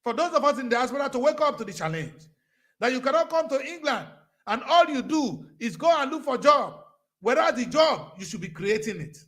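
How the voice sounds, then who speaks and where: A high-pitched, middle-aged man with a Nigerian accent delivers a fiery, preachy speech. He scolds his listeners, dropping to a low grumble and then rising to a shout. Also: animated, brisk. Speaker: event speaker.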